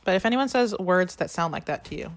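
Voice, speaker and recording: A woman's voice: fairly low pitch, expressive, fast. A woman co-hosting a casual podcast chat, animatedly retelling a story and acting out the quoted lines. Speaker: podcast co-host. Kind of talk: casual chat recapping a musical.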